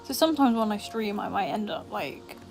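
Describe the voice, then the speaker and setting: Music sits in the background of this low-quality clip, where a Scottish woman talks briskly and expressively at medium pitch during a gaming stream. She leans on fillers and over-enunciates to mask a faint accent that mostly stays hidden.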